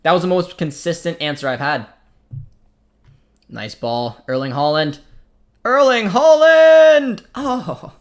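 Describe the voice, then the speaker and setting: Young man, Canadian accent, live football watchalong host, casual chatty commentary, reads out chat, slightly higher voice. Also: a little slow, long pauses, a bit bright. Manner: chatty, reads out chat messages, reacts to the match.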